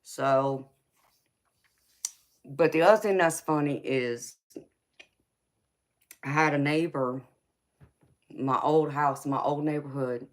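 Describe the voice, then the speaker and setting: Chatty woman with a Southern accent. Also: extremely low pitch. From Los Angeles. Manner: chatty, laughs often, reads out viewer comments. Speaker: tarot reader streamer. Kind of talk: casual live-stream chat.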